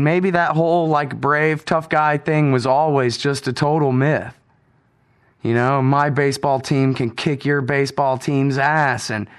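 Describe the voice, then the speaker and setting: An American man hosting a radio show, delivering an indignant, sarcastic solo rant with loud outbursts and swearing. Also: mid-range voice.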